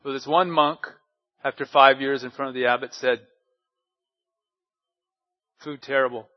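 A man, a pastor, preaching a sermon at a church service, talking in a relaxed, conversational way and often asking his listeners rhetorical questions. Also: mid-range voice, fairly quick, dull audio, soft background music.

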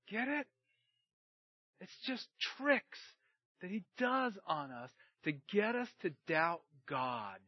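A middle-aged man preaching a sermon, swinging between shouted emphasis and quiet storytelling. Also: high-pitched, expressive, unhurried, dry recording. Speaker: pastor. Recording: dry, muffled recording.

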